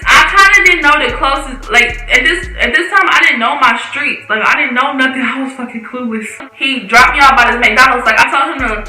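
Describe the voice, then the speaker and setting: A woman's voice: sits high, brisk, hardly any pauses. A young woman around eighteen, a vlogger telling a storytime in casual slang, swearing and acting out what people said. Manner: animated, slangy, swears, acts out quotes. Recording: echoey room with faint music.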